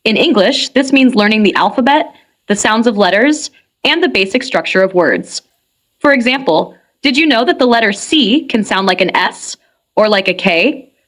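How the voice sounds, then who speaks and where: A woman reading a scripted English lesson for beginners in a clear, measured way. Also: on the high side, expressive, fairly bright tone. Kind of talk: scripted instructional narration.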